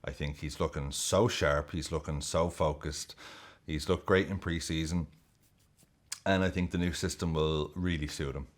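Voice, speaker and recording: A man hosting a football video, giving jokey, excitable and sweary casual commentary. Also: rumbling low, moderate pace.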